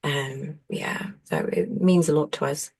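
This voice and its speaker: Giggly, slightly low-voiced woman. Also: fairly even intonation, unhurried, gravelly, a little mellow, breathy edge. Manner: chatty, laughs often. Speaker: voice actor and channel host. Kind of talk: casual chat.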